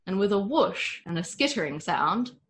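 A woman narrating a storybook tale aloud with a lively, expressive reading. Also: medium pitch, moderate pace.

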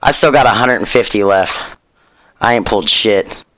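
A man hosting a casual gaming voice chat, loud and profane as he hypes up his summons. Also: on the low side, normal speed, no room sound. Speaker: channel host opening shards.

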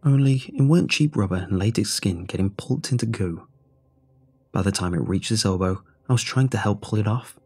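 A man narrating a horror story in a steady, measured way. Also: fairly low pitch, husky.

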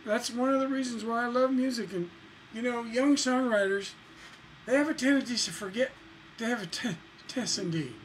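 A man's voice: extremely high pitch, normal speed, a little hiss or hum, low-quality recording. A man teaching songwriting in a casual lesson, joking as he goes and breaking into sung lines. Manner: breaks into singing lines over guitar, joking asides. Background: his own guitar playing.

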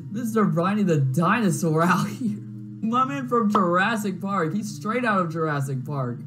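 A young man hosting a gaming channel, giving excitable, jokey let's-play commentary with loud outbursts. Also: high-pitched, moderate pace. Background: game music.

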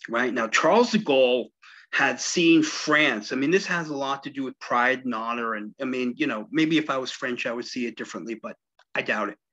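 A man's voice: medium pitch, a little fast, pushed and bright, muffled recording. A man giving a conversational history lecture at a library, with frequent "right?" and "you see?" asides to his listeners. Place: public library meeting room.

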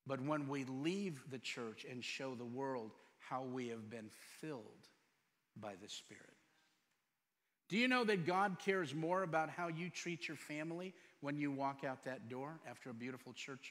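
A middle-aged man preaching a sermon as pastor, firing off rhetorical questions and moving between loud emphatic lines and quiet storytelling. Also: a little high. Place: church sanctuary. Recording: long hall reverb.

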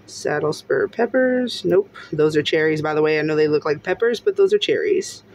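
A woman narrating casually as she scratches lottery tickets, often breaking into excited exclamations and laughter. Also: sits low, moderate pace, slight background noise.

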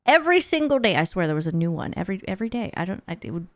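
A woman's voice: medium pitch, big pitch swings, rapid-fire, no room sound. A young woman streamer reacting to memes, laughing often and swearing casually.

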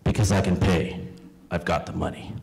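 A man's voice: low-pitched, fairly even intonation, normal speed, gravelly, darkish tone, rough recording. A man voicing a smug, naive caped crimefighter who reacts indignantly to bad news.

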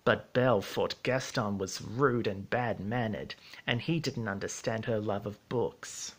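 A man narrating a storybook in a measured, steady reading voice. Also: lowish voice.

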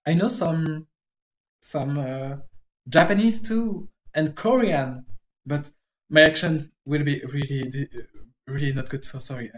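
A native French speaker with a French accent, chatting casually in halting English while drawing on a stream, often stopping to search for words. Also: mid-range voice.

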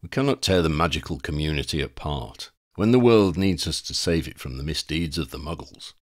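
A man's voice: rumbling low, expressive, fairly quick. A man reading a story aloud, voicing a courtly, calculating male vampire leader who talks in formal, old-fashioned phrasing.

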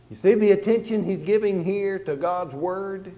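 A man preaching a conversational sermon, teaching on a Bible passage and slowing down to read scripture aloud. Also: high-pitched, dark tone, long reverb tail. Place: church sanctuary.

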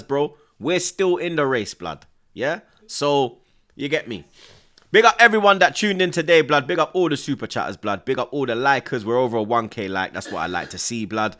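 Forceful man gloating on stream. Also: mid-range voice. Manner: excitable, repetitive, taunting rival fans. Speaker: host of a football watchalong stream. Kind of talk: live fan reaction stream.

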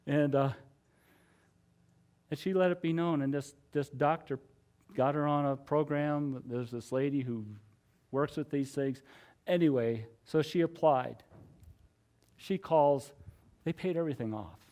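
A middle-aged man preaching in a church, speaking with a somewhat high voice. His sermon is conversational and earnest, scattered with fillers and soft laughs. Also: measured pace, long pauses. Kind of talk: conversational sermon with personal testimony.

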